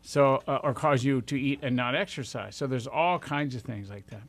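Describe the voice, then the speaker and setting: A man in his sixties hosts a radio show, speaking straight to his listeners in a medium-pitched voice at normal speed. His motivational talk is enthusiastic and tends to ramble.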